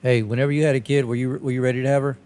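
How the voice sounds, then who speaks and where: A man's voice: medium pitch, flat delivery, rapid-fire, darkish tone. Joking, profane man in casual chat. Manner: joking, profane, laughs often.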